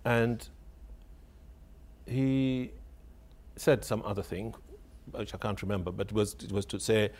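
Unhurried and darkish in tone, a fairly low male voice leaves long pauses as an author reminisces on radio. He repeats words while reaching for his phrasing and laughs wryly as he tells a story.

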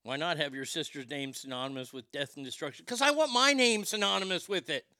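A fairly high-pitched Texas radio host rattles along fairly quickly through a foul-mouthed, mock-furious comedy rant with noisy outbursts. It's studio quality, with no room sound at all.

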